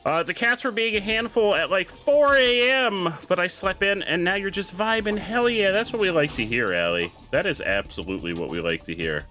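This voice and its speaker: A man streaming a video game, talking casually with his viewers, excitable and swearing freely as he plays. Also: high voice, a little fast, few pauses, soft background music. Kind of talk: casual livestream commentary while gaming.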